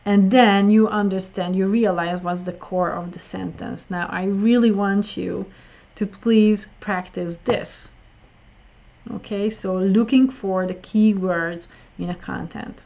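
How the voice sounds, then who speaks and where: Woman, English teacher, slow and deliberate, muffled lo-fi recording. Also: medium pitch, steady tone, vocal fry, a little mellow. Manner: slow, explaining, repeats words for emphasis. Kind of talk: online listening lesson.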